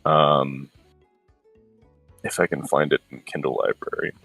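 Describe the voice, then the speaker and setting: A man's voice: very deep voice, little pitch movement, measured pace, gravelly, fairly bright tone, slightly rough, dry recording, faint music behind, poor audio. A man co-hosting a casual podcast, reading passages from a history book aloud with hesitant fillers between them. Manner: hesitant, many ums and restarts. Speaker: podcast co-host.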